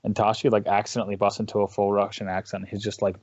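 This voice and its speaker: Guest, male, low register, rambling and self-deprecating, dry and slightly muffled call audio. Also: level tone, fast talker, darkish tone, breathy edge, no room sound. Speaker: guest caster. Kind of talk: casual interview chat.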